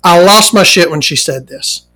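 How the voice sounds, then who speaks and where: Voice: mid-range voice, moderate pace, pushed and bright, low-quality recording. A forty-year-old vlogger telling an angry, profanity-laced story and mimicking the people in it. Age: 40s.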